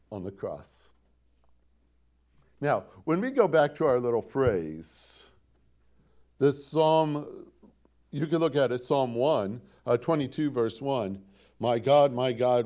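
A pastor with a mellow, mid-range voice preaches a sermon. He quotes scripture dramatically with rising emphasis, repeating himself and putting rhetorical questions to the congregation.

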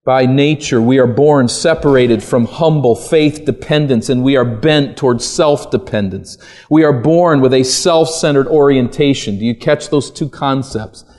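Male preacher, mid-pitched, sermon delivery that climbs to emphatic peaks. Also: moderate pace, a little mellow. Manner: rhetorical questions, rising to emphatic peaks.

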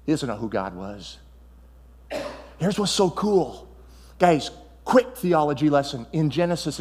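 A male pastor preaching a sermon, telling Bible stories in an animated way and swinging between loud, excited passages and hushed ones. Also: on the high side, unhurried, pauses often, long reverb tail, a little hiss or hum.

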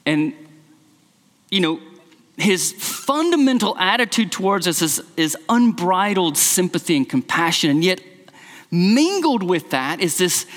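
A man preaching a sermon as pastor, earnest and emphatic, speeding up and slowing down to stress his points. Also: fairly bright tone, long reverb tail. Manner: earnest, emphatic, varies pace and pitch widely.

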